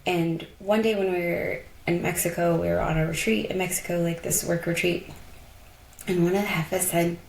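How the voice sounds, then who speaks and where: This Colorado podcast guest has a lowish, gravelly voice with a steady tone and moderate pace. She recounts personal stories conversationally, reflective and heartfelt, leaning on "like" and "you know." The room is echoey.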